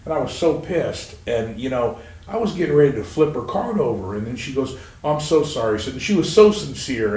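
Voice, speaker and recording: A man's voice: on the high side, a little mellow. A man hosting a casual podcast chat, rambling and swearing freely as he talks. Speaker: podcast host. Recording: roomy echo, mic at a distance, faint noise.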